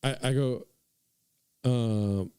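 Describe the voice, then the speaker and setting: A man's voice: mid-range voice, steady tone, extremely slow, dark tone, clean tone, no room sound, clean studio sound. Rambling, profane young man telling a story. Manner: profane, rambling, says "dude" constantly, addresses listeners. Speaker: podcast host. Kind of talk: casual comedic storytelling.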